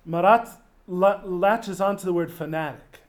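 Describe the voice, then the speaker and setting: A man giving a literature lecture, thoughtfully talking through a novel and reading quoted passages aloud, with pauses and restarts. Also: high-pitched.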